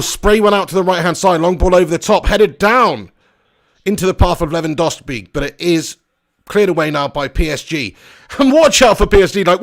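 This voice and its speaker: Talkative male streamer with a slightly high voice, banter-heavy commentary. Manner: chatty, jokey, rambling, banter-heavy. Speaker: football watch-along streamer. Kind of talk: live match commentary and chat.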